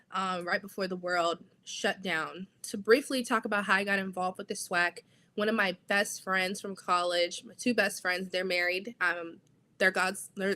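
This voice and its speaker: A young adult woman, a sideline reporter, telling her story as an interview guest in an animated, lively way. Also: mid-range voice.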